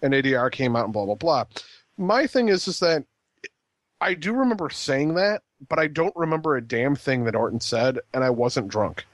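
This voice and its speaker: A man's voice: mid-range voice, very animated, normal speed, no room sound. A man co-hosting a casual wrestling podcast, rambling with frequent ums and restarts. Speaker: podcast co-host.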